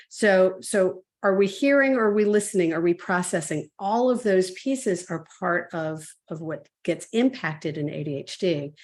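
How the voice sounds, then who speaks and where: Low-voiced woman explaining step by step. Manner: methodical, lays out points in order. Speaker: parenting coach guest. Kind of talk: webinar conversation.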